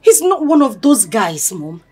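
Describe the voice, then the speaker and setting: A headstrong young daughter in a film drama, arguing and pleading with raw emotion. Her breathy, fairly high voice rises and falls over a wide range. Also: big pitch swings, unhurried, a little mellow, full character voice. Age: young adult.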